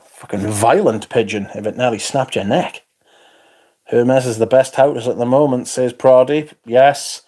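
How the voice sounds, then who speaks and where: A man's voice: medium pitch, unhurried, warm tone. A man talks casually on his livestream. He swears a lot and reads out viewers' comments as he goes. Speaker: livestream host reading chat.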